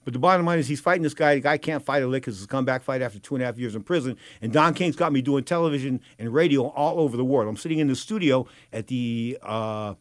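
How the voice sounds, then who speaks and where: Fast-talking man spinning rambling stories. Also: mid-range voice, no room sound, studio quality. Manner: rambling, repeats "bottom line is", lively asides. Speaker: storyteller. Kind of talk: casual anecdote telling.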